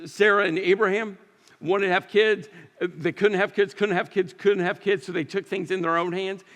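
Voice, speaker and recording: High-voiced preaching pastor, big reverb. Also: male voice. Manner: preaching with dramatic rises and quiet drops. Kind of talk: sermon. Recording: long church reverb.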